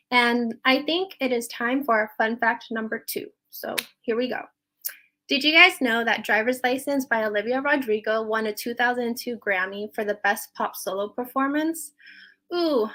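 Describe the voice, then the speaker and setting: A woman's voice: fairly high pitch, sharp tone. A woman co-hosting a livestream event, upbeat and gushing as she reads a fun fact and introduces an act. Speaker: event co-host.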